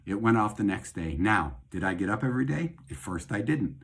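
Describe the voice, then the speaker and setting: A middle-aged male host speaks in a low, slightly breathy voice. His talk is casual and rambling, and he restates his ideas over and over as he goes. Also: animated, brisk. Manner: rambling, conversational, repeats phrases for emphasis. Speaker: host and doctor. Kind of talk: casual talk on faith and health.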